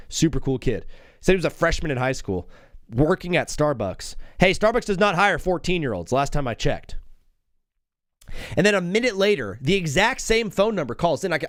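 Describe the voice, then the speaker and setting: A man's voice: fairly high pitch, dry recording, clean studio sound. A young man in his twenties hosting a live sports stream, chatting casually and rambling between game updates, stories and viewer replies.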